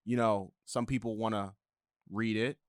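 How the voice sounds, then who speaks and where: A man's voice: lowish voice, steady tone, moderate pace, no echo, clean studio sound. A man chatting casually as a podcast guest, telling stories in an easygoing way. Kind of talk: casual chat.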